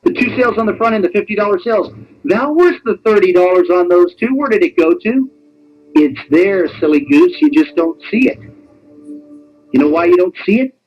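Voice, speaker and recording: A man presenting a sales pitch on a webinar, in an animated, teasing, repetitive salesman patter. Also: lo-fi sound.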